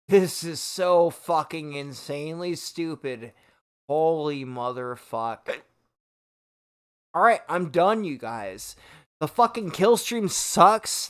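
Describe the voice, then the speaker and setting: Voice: medium pitch, a bit bright. A livestreamer ranting with constant swearing, tipsy from shots and hiccuping between words. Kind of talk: drunken livestream rant.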